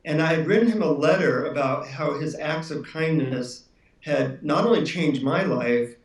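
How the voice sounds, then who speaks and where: A man's voice: on the high side, normal speed. Earnest middle-aged guy telling his story, kinda far from the mic, roomy sound. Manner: earnest, reflective, with fillers. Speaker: self-help author and guest. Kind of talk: interview storytelling.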